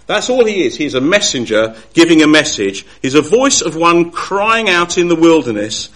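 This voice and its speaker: A man giving a Bible study talk, earnest and halting, often restarting his sentences. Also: on the high side, very animated, fairly bright tone. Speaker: Bible teacher.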